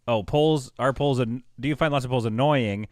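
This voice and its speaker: A man livestreaming a game, chatting casually with his audience, animated and quick to laugh. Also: mid-range voice, dry recording, clean studio sound. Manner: chatty, talks to chat. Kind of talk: casual live game commentary.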